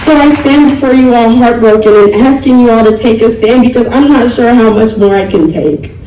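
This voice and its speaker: A woman's voice: a little high, fairly quick, echoey room, distant mic, noisy background. A young woman giving an earnest, emotional public speech, pleading and heartbroken. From United States. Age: young adult. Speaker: speaker at a community rally.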